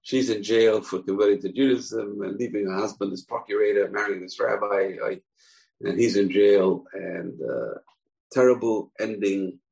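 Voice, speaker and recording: A man teaching through an animated storytelling lesson. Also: on the low side, vocal fry, low-quality recording.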